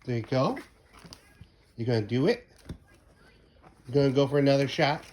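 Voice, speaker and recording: Casting note: a dad on a patio, cheering his baby in sing-song baby talk with a widely swinging pitch. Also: expressive, moderate pace, a little mellow, a little hiss or hum. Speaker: father filming his baby. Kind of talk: home video baby talk. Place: outdoor patio.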